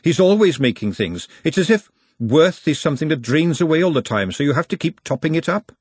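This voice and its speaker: An earnest young cook woman who talks bluntly and jumps to defend what she cares about, as a male reader puts her on. The voice is lifted above the reader's own, with a husky grain and a lively, swinging pitch, and the recording is close and dry. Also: a little fast, dry recording.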